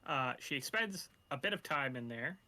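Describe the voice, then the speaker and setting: Dm guy narrating the game, bright tone, lots of uhs and pauses. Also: mid-range voice, animated. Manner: halting narration with fillers. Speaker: dungeon master.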